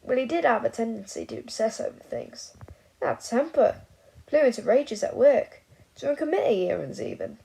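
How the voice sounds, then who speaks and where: A woman's voice: a little high, very animated, moderate pace, gravelly, breathy edge, heavily acted, low-quality recording. A woman voicing a drunk old wizard who slurs and rambles. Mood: slurred brooding. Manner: slurred, blustering, gets loud.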